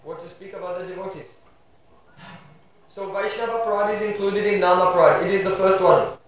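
Speaking fairly quickly in a high, steady voice, a man teaches a devotional class and often checks in with a questioning "hmm?". He's a spiritual teacher recorded far from the mic in a very echoey room, with slight background noise.

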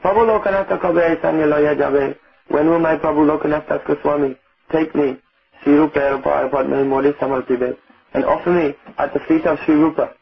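A man with a somewhat raised voice delivers a devotional lecture, patiently explaining each point and pausing to check in with his listeners. The recording is dull and lo-fi. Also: a little high, steady tone, creaky. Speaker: spiritual teacher.

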